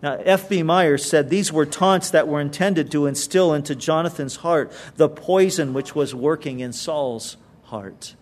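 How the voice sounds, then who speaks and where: A man's voice: fairly high pitch, measured pace, few pauses. A male pastor reading scripture aloud and explaining it in a conversational sermon, with emphatic retellings.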